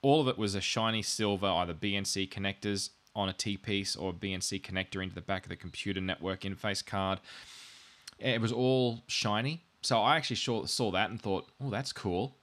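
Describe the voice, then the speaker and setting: In a steady, fairly quick delivery, a man with a lowish, fairly bright voice explains networking gear on his podcast. It's casual technical chat, rambling and self-deprecating with jokey asides, and he's wired, blaming too much coffee.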